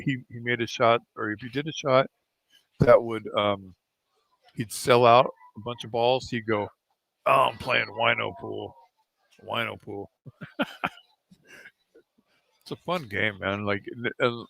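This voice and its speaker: Laid-back male pool-hall commentator: chatty, rambling, clear bright tone, dry mic. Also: on the low side. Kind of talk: casual live pool commentary.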